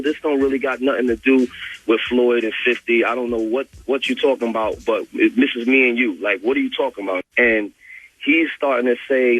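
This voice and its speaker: Young male radio guest, casual storyteller, average pitch, loose and profane, lots of "like". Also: husky, low-quality recording. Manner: animated, profane, full of "like" and repeats. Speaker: guest calling in to a radio show.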